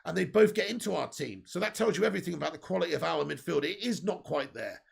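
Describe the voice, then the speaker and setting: A man with a raised, gravelly voice and husky edges, chatting on a live football fan stream. He reads out viewer comments and answers them with strong, opinionated takes and a laugh here and there. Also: on the high side, expressive, fast talker. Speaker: football fan channel host. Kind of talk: live stream chat reading super chats.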